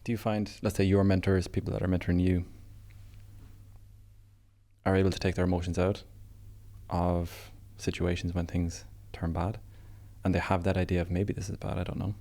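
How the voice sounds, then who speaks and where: Male podcast guest, very deep and monotone, matter-of-fact delivery. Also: normal speed, pauses often. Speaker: podcast guest, business founder. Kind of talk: casual podcast interview.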